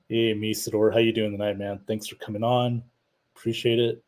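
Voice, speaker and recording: A man's voice: lowish voice, little pitch movement, moderate pace, pauses often, a little mellow, low-quality recording. A man hosting a live show, chatting casually about his team and reading out viewer comments. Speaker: podcast host. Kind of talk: casual live-stream chat.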